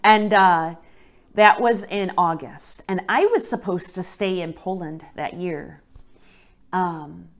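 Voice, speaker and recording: Soft-spoken woman, low voice. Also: slow pace. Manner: gentle, reflective storytelling that drops to a hushed near-whisper. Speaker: podcast host telling a personal story. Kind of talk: personal faith testimony.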